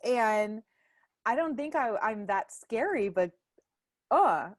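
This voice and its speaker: A young adult woman hosting a casual family podcast chat, an animated storyteller who laughs often and acts out quoted lines loudly. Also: fairly high pitch, extremely slow, dry recording, studio quality. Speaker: podcast host.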